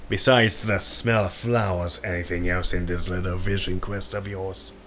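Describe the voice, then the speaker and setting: A man playing his character in a tabletop game, thinking out loud and often stopping to restart his sentences. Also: deep voice, little pitch movement, moderate pace, slight background noise. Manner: speculative, hesitant, trailing off and restarting. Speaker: player.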